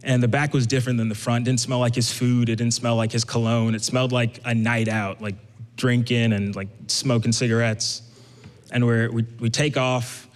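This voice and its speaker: A young man from Brooklyn telling a personal story on stage, conversational and acting out the people he quotes. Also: mid-range voice. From Brooklyn, USA. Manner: conversational, animated quoting. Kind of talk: live storytelling. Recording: echoey hall.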